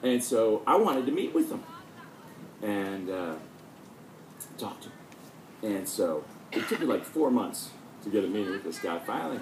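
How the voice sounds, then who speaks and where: Man telling a story, lively pitch. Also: unhurried, long pauses, echoey room, a faint crowd, slight background noise, rough recording. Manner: storytelling with lively acted-out quotes. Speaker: speaker. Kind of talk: speech to an audience.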